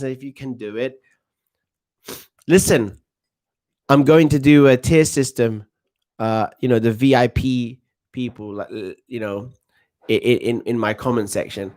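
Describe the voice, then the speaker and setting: A man in his thirties with a London accent, giving chatty, self-assured commentary on a football watchalong stream and reading chat. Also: medium pitch. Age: 30s. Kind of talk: casual live-stream commentary.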